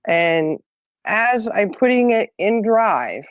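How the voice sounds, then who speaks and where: A woman's voice: medium pitch, big pitch swings, slow, no echo. Chatty middle-aged woman, dry dull sound. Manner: chatty, laughs often, rambling. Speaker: podcast co-host. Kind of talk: casual storytelling chat.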